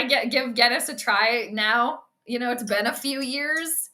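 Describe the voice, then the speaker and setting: A woman's voice: on the high side, unhurried, few pauses. A young woman giving casual live commentary on a football game, chatting with her viewers and reacting to each play. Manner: chatty, reacts loudly to plays, talks to viewers. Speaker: astrology sports streamer.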